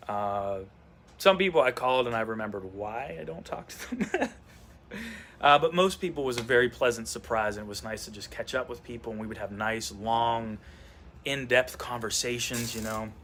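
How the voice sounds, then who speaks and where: A man's voice: medium pitch, moderate pace, fairly bright tone, a little hiss or hum. A man talking casually in a vlog, rambling and venting about a former boss with many fillers and asides. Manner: frequent fillers and trailing asides. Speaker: vlogger and musician.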